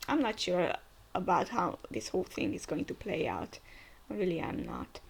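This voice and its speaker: Woman reading a comic and reacting, lots of hmms, gravelly voice. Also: lowish voice, very animated, moderate pace. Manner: reads along and thinks aloud with frequent hmms. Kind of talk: casual reaction commentary.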